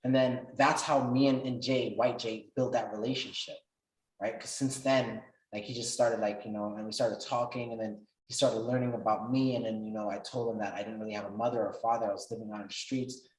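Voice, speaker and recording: A man giving a workshop talk, telling a personal story in a lively, animated way and acting out the dialogue. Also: a little fast. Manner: animated, acts out quoted dialogue with rising pitch and loudness. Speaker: workshop speaker. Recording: roomy echo.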